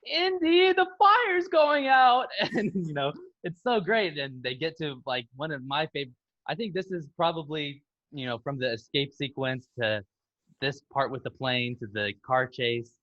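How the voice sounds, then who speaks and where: Excited man retelling film scenes. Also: medium pitch, moderate pace, dry recording, dull audio. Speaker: podcast co-host. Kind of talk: casual film discussion.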